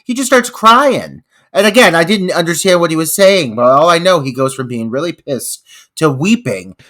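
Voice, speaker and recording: Animated, exasperated male podcast co-host. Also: a little high, moderate pace. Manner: exasperated, profane ranting for comic effect. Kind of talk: casual movie recap chat.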